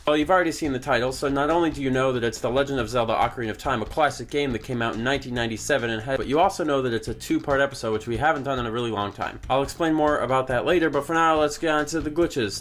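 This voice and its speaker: A young man hosting a gaming video, talking over his play in a dry, rambling way with offhand jokes. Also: medium pitch. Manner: dry, rambling, jokey asides. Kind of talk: deadpan gameplay commentary.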